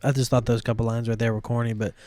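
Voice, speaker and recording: A man in casual podcast chat who is blunt and swears constantly as he gives his opinions. His voice has an average pitch. The sound is close and dry. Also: level tone, quick pace, mellow, dry recording.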